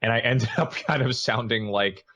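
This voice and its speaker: A man's voice: mid-range voice, moderate pace, pushed and bright, dull audio. A man guesting on a podcast as a voice actor, easygoing and self-deprecating, laughing along. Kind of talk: casual podcast chat.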